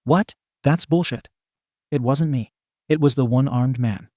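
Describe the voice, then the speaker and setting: Figure: mischievous cartoonish teen boy, voiced by a man. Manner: theatrical, mocking. Tone: mellow and dark. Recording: dry and close. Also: mid-range voice, unhurried, no room sound, lightly acted. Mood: indignant.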